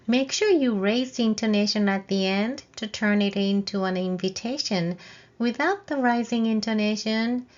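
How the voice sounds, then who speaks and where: A woman's voice: mid-range voice, normal speed, dull audio. A woman teaching a video language lesson. She explains grammar step by step and models example phrases with a rising question tone for learners to repeat. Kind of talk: slow, clear video lesson.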